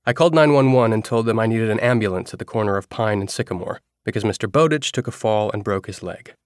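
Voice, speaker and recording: A man reading a novel aloud as a first-person narrator, in a steady storytelling manner. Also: on the low side, fast, clean tone, no echo, clean studio sound. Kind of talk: audiobook narration.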